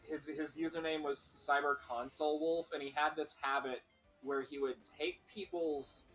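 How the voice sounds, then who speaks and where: A man's voice: on the high side, fairly even intonation, normal speed, a bit bright, soft background music, poor audio. A man on a casual game stream, rambling through a story with lots of fillers and swearing. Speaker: streamer co-host.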